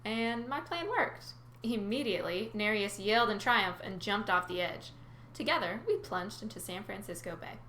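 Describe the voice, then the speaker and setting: A woman's voice: mid-range voice, animated, normal speed, a bit bright, a little hiss or hum. A woman reading a first-person adventure story aloud, with chatty asides to her listeners. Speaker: narrator. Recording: roomy recording.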